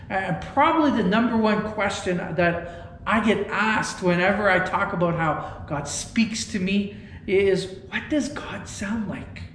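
A man's voice: high voice, a little hiss or hum. A man preaching an online sermon in a folksy, conversational way, often repeating words. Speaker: pastor. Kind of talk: sermon with storytelling. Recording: echoey room.

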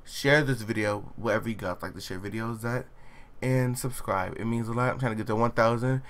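A man's voice: lowish voice, a little fast, fairly bright tone. Sassy teenage guy narrating gameplay. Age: late teens. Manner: sassy, chatty running commentary with playful exclamations. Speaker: gaming channel host. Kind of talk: let's play commentary.

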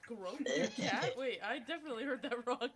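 Lively high-voiced woman chatting over gameplay. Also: brisk, crowd noise. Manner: chatty, laughs often, swears casually. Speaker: streamer's teammate. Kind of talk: casual gaming chat. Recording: loud game sounds behind.

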